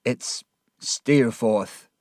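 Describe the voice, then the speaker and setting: Guy reading a sad quiet young fisherman, slow and low-key, dry sound. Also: very animated, no echo. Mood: grieving. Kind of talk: audiobook character voice.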